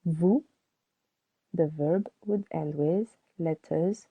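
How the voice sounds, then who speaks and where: Husky low-ish woman teacher, super slow and careful, spells stuff out, tinny phone-like audio. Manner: slow, deliberate, spells out letters and models each word twice. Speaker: French teacher. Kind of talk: beginner language lesson.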